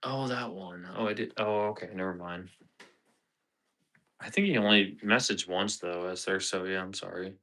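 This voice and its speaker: A man's voice: sits low, fairly even intonation, moderate pace, sharp tone. A man chatting casually on a live stream, rambling and chuckling as he reads chat aloud.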